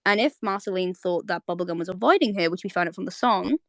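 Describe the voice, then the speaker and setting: A woman hosting a live audio chat, casually retelling a cartoon episode as an excited fan who keeps asking "right?". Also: fairly low pitch, quick pace, no echo. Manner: chatty, fan-excited, many fillers and "right?".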